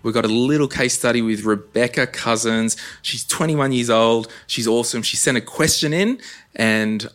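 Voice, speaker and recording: A man's voice: medium pitch, normal speed, a bit bright. A man with an Australian accent hosting a casual money podcast, chatty and encouraging. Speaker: podcast host.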